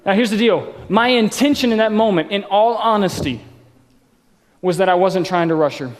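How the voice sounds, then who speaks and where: A high-pitched man speaks at normal speed while preaching as pastor at a live church service. He keeps it casual and joking, telling personal stories, with the long reverb of a large church hall around him.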